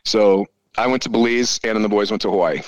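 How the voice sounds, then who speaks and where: A man, probably in his forties, telling a story in a casual chat, animated and full of swearing. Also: fairly low pitch, fast, no room sound, poor audio. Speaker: podcast guest.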